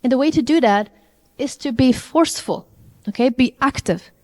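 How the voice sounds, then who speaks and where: A woman's voice: high-pitched, moderate pace, a little mellow. A woman giving an interactive language lecture to a live audience, often asking them questions. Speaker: IELTS trainer. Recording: long hall reverb.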